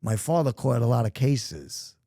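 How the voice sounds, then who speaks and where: In a sing-song, mid-range voice that is mellow and measured, a middle-aged New York man tells his life story as a podcast guest. He talks candidly in profane, emphatic street slang, on a dry, clean studio recording.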